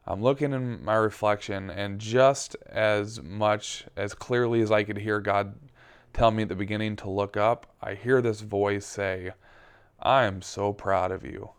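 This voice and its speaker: A man preaching, sharing a candid personal testimony in a reflective, halting way. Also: fairly low pitch, fairly even intonation, clear, resonant tone.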